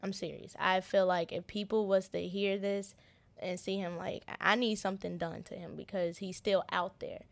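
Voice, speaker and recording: A young woman telling a personal story as an interview guest. She talks in halting starts and often repeats words in earnest. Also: medium pitch, level tone, gravelly, dry recording. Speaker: interview guest, business owner.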